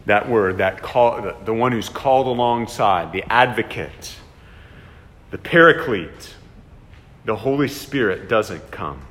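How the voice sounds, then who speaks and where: Earnest preacher in a reverberant hall. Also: male voice, lowish voice, expressive, unhurried, a bit bright. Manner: earnest, emphatic, pleading at times. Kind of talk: sermon.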